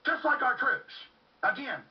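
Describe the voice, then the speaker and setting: A man's voice: very high-pitched, sing-song, a little slow. A man hosting a talk radio show, delivering an impassioned monologue with urgent repetition. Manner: fervent, ranting, with urgent repetition. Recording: muffled, distant, lo-fi recording.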